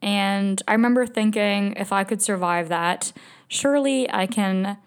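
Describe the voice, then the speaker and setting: A podcast host with a medium-pitched woman's voice tells a travel story in a casual monologue, her tone clean and her pace measured. She's chatty, emotional and self-mocking, laughs often and says "like" constantly, but a migraine has her speech slipping.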